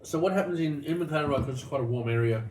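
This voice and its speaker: An Australian man hosts a relaxed wine-tasting chat, circling back and restarting as he talks. He sounds distant from the mic, in an echoey room with steady background noise and clicks. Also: a little high, very fast. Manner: rambling storyteller with many restarts. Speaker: wine show host.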